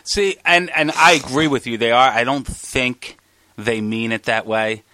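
A man's voice: mid-range voice, a little slow, bright, forceful tone, no room sound. A man co-hosting a casual podcast chat, throwing in jokes and laughing asides.

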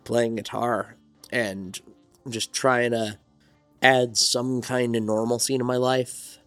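A man's voice: medium pitch, little pitch movement, takes it slowly, fairly bright tone, dry recording, faint music behind. A man from New Jersey, a songwriter and studio owner, telling his story in a rambling, reflective way as an interview guest. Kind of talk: casual interview conversation.

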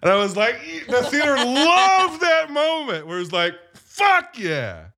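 A man chatting casually about a movie, animated and profane, retelling scenes as he goes. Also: very high voice, normal speed. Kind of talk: casual movie review chat.

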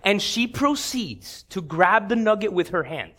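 With a high, sing-song and slightly bright voice, a pastor moves at a measured pace through a sermon. He speaks directly to his congregation, telling a personal tale with candid humor.

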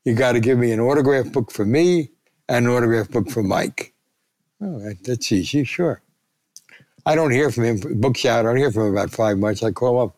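A man's voice: medium pitch, expressive, moderate pace, darkish tone. An older man, a retired sports columnist, telling anecdotes as a guest and acting out the voices he quotes. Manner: gravelly, acts out quoted voices.

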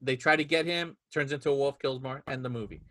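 A man's voice: medium pitch, quick pace. A man in casual movie chat, retelling scenes and acting out quotes in little voices. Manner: animated storyteller, acts out quotes in voices.

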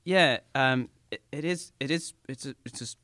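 A man being interviewed about his writing, talking casually, self-deprecating and halting with many restarts. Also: medium pitch, sharp tone, dry recording. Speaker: author guest.

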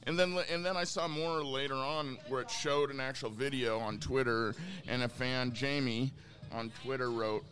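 Regular guy cohosting a sports podcast, easygoing storyteller, mid-pitched voice, faint music under it. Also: steady tone, moderate pace, fairly bright tone. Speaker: podcast co-host. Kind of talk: casual chat.

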